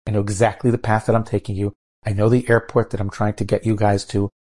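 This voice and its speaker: A calm, seasoned air traffic controller, put on by a man telling a story talks in a low, warm, slightly husky voice. He gives firm, measured instructions and never sounds rushed. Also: lightly acted. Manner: steady, measured, reassuring instructions.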